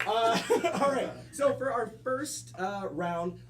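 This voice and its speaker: A man hosting a live improv comedy show, loud and joking as he explains the rules to the audience. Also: very high-pitched, lively intonation, takes it slowly. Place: comedy theater stage. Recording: live crowd around.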